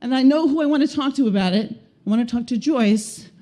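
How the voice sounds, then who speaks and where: A woman from the American Midwest tells a story live on stage, wry and self-mocking. Her voice sits high, yet its tone is mellow and warm. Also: fairly quick. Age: 30s. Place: stage of a small music venue.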